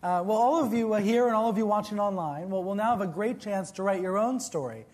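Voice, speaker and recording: A man's voice: high voice, fast talker, a little mellow. A man hosting a live webcast event, bantering playfully with his guest. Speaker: event host.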